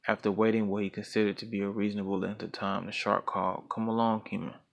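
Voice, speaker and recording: A man reading a folktale aloud as a storyteller, in a measured, steady narration. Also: on the low side, gravelly.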